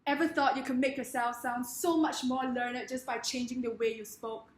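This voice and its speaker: A woman's voice: sits high, steady tone, moderate pace, slight background noise. A young woman with a Singaporean accent giving a humorous speech in a playful, mock-grandiose way. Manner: playful, mock-grandiose, laughs between lines. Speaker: speaker giving a humorous talk. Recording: echoey room.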